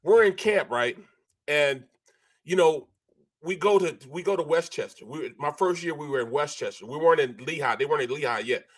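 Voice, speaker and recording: A former football player co-hosting a casual sports talk show tells stories in a slightly high voice at a fairly quick pace. He's animated, keeps repeating "bro" and "man," and imitates sounds as he goes.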